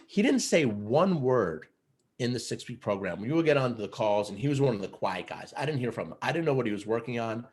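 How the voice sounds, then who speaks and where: A man coaching other men, telling stories in a casual interview, earnest and animated, with many fillers like "you know" and "like". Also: mid-range voice, fairly quick. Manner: earnest, animated storyteller who acts out quotes. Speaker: guest, men's coach.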